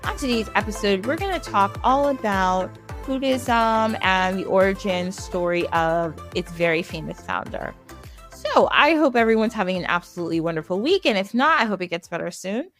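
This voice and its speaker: A young woman hosting a casual podcast interview, bubbly and animated, with frequent small laughs. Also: mid-range voice, moderate pace, soft background music. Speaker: podcast host.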